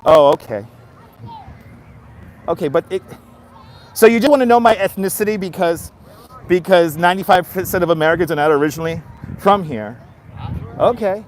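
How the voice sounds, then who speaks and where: A man's voice: high voice, moderate pace, pauses often. A man in his fifties with a Brooklyn accent, chatting bluntly on a live stream outdoors and answering viewer comments. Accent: Brooklyn New York. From Brooklyn, New York. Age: 50s. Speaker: livestreamer. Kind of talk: casual live-stream chat. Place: outdoors in a busy seaside city area.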